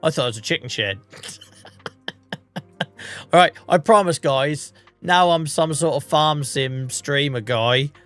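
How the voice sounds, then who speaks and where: An English man rambles through a casual game livestream, poking fun at himself as he goes. He is under the weather and coughing, and his voice has a bright, forceful edge. Soft music plays faintly behind him. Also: fairly high pitch, unhurried, long pauses. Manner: chatty, rambling, self-mocking. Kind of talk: casual gameplay commentary.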